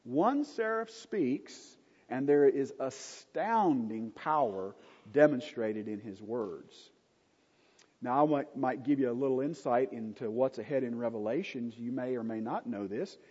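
A man with a mellow, slightly husky voice gives an unhurried Bible lecture, stressing key words and dropping in casual asides. The recording is dull and lo-fi, with a long reverb trailing off the walls of a large hall. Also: mid-range voice. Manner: unhurried, emphatic, with conversational asides. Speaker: Bible teacher.

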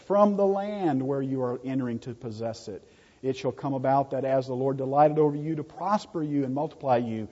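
Male preacher, emphatic sermon, repeats words for stress, husky voice, dull lo-fi recording. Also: medium pitch, warm tone. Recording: dull lo-fi recording in a reverberant hall.

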